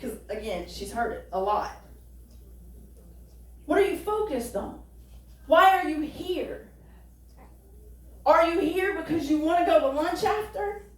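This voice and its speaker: High-voiced woman pastor, echoey. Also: expressive, unhurried, long pauses. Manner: folksy, joking, rhetorical questions. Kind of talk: conversational sermon. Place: church sanctuary. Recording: echoey church hall, distant mic.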